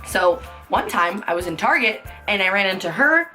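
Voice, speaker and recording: Young woman beauty vlogger, mid-pitched, casual and sweary, laughs through her stories, faint music behind. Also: big pitch swings, normal speed, bright, forceful tone. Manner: chatty, filler-heavy, swears freely; laughs while telling stories. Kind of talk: casual storytelling.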